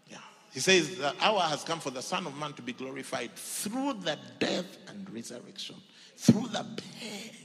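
A male pastor preaching a sermon, swinging between loud shouts and near whispers. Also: mid-range voice, in a large hall.

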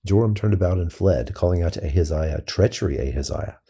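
Here a very low-voiced man delivers a scripture reading, unhurried and measured. There's a gravelly creak to his husky, dark sound.

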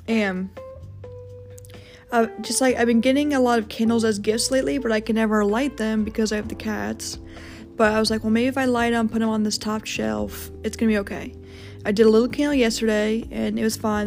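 A woman's voice: on the high side, a little mellow. Rambling young woman telling a story. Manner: rambling, frequent fillers and swearing. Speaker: podcast host. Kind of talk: casual storytelling monologue.

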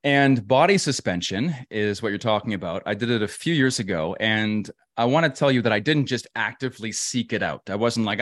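A man's voice: lowish voice, lively intonation, fairly quick, few pauses, a bit bright, no echo. A man being interviewed about travel and facing fear, speaking emphatically and often repeating words as he works through a thought. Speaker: travel adventurer and guest. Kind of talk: casual interview talk.

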